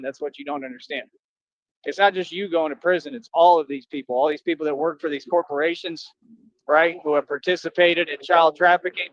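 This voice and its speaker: A man's voice: on the high side, dry recording, dull audio. A man livestreaming, talking to his viewers in a boastful, confrontational rambling monologue with slangy street talk.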